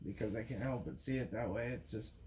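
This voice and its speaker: A man's voice: lowish voice, fast talker, darkish tone, slight background noise. A man in a rambling monologue, talking with frequent restarts and profanity. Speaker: vlogger.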